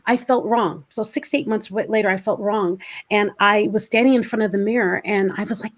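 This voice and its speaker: A woman's voice: mid-range voice, fast talker. A woman in her forties, a motivational speaker, telling her personal story in an interview with earnest emotion. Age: 40s. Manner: earnest, emotional, acts out her own past words.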